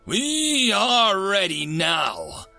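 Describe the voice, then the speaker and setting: A man's voice: sits high, huge pitch swings, gravelly, soft background music, pitched above the performer's own voice, full character voice. Man voicing a raging alien fleet admiral. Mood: threatening. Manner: shouting, drawn-out threats, later meek. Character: furious alien male fleet admiral, bombastic and threatening. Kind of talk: scripted story narration.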